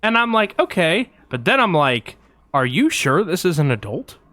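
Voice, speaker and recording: Podcast guy telling a long rambly story, kinda high smooth voice, lots of likes and ums, dry close mic. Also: normal speed, no room sound. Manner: rambling, animated anecdote with many fillers. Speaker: podcast co-host. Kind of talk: casual storytelling chat.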